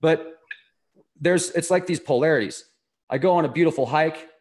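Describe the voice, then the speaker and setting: A man's voice: a little high, moderate pace, breathy edge. Earnest, rambling man telling a story. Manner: earnest, enthusiastic, rambling delivery. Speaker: interview guest. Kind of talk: casual conversational storytelling.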